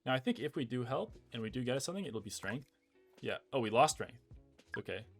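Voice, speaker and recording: Brief: young American man, mid-pitched, excitable gameplay commentary, game music clearly audible underneath. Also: quick pace. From United States. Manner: excitable, exasperated, says "bro" a lot. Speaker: gaming video creator.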